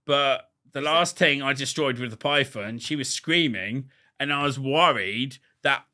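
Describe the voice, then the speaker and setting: A boastful man holds forth in a casual interview, with a bright, forceful tone. His talk is crude and full of swearing. When he tells a story, he jumps into quick put-on voices for the other people in it. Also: mid-range voice. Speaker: podcast guest.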